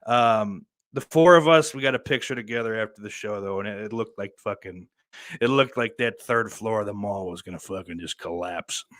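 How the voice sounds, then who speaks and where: A young man hosting a podcast, telling a story in a rambling, casual way, swearing often, with lots of fillers and sudden loud bursts. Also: lowish voice, normal speed, no echo. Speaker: podcast host.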